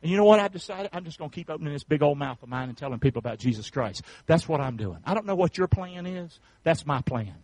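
High-voiced preacher man. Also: lively intonation, fast, few pauses, no echo, low-quality recording. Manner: preachy call-and-response, rising to shouts. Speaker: pastor. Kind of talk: sermon.

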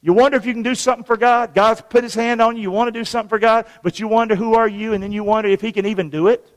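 A pastor with a high-pitched, steady, racing voice preaches a folksy, conversational sermon. He reads scripture aloud and has the congregation repeat after him in call-and-response. A large hall gives long reverb.

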